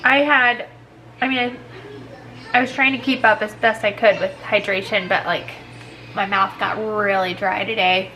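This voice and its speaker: A woman's voice: mid-range voice, steady tone, unhurried, bright, forceful tone, slight background noise, poor audio. Congested, feverish woman vlogging. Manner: tired, rambling, many likes and restarts. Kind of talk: casual vlog chat.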